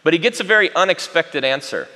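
A man preaching a sermon, swinging between loud questions to the congregation and soft, slow emphasis. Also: on the high side, expressive. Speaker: pastor. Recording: long reverb of a large hall.

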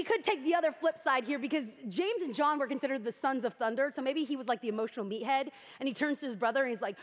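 A young adult woman preaching a sermon, telling the story with animated energy and acting out voices. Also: high-pitched, fast talker, hardly any pauses, in a large hall.

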